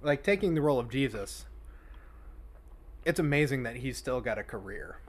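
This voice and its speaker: A man's voice: medium pitch, expressive, normal speed. A man hosting a casual chat show, rambling with many fillers and restarts. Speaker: podcast host.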